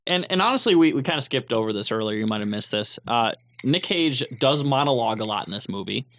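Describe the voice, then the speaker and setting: A man's voice: medium pitch, animated, a bit bright, soft background music. A man co-hosting a casual movie podcast, chatting eagerly and swearing freely. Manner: quick, enthusiastic, swears freely. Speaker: podcast co-host. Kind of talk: casual chat.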